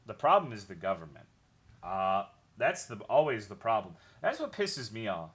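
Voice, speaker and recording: A man's voice: fairly low pitch, wildly swooping pitch, moderate pace, a bit bright. A young man streaming a game, chatting casually with his viewers in a rambling way, swearing often and greeting chat by name.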